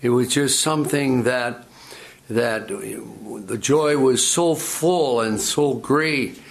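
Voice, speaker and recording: A man's voice: medium pitch, vocal fry. An older man preaching a sermon, talking in a conversational, storytelling way that often stops and repeats words. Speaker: pastor.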